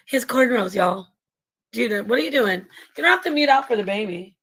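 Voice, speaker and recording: A woman's voice: on the high side, lively intonation, moderate pace, a bit bright, slightly rough, rough recording. A woman hosting a livestream in casual chat, rambling, correcting herself mid-sentence and laughing often. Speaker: livestream host. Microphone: livestream mic.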